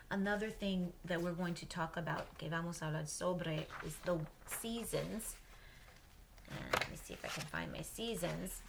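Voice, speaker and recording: A woman leads a children's Spanish lesson at an unhurried, deliberate pace. Her voice sits a little low. She switches between English and Spanish and stops after each word so the class can repeat it. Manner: patient, pauses for repetition. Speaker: Spanish teacher. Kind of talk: slow drill lesson for children.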